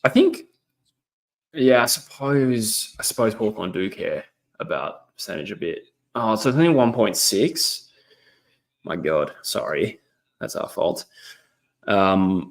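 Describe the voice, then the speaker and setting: A fairly low-pitched voice with vocal fry belongs to a young Australian man running a casual footy livestream indoors at a laptop. He commentates on the match and chats with viewers, reading their messages aloud and rambling with lots of ums.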